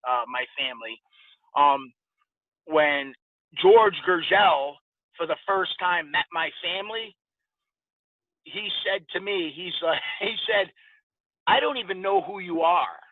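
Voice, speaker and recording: A middle-aged man telling stories as a podcast guest, rambling along with lots of fillers and slipping into voices for the people in his tales. His voice sits fairly high for a man, and it comes through a thin, phone-like band with no room sound at all. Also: animated, measured pace, no echo. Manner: rambling, many fillers, acts out quoted voices. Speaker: podcast guest, former fighter. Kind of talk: casual storytelling interview. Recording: tinny phone-like sound, dry.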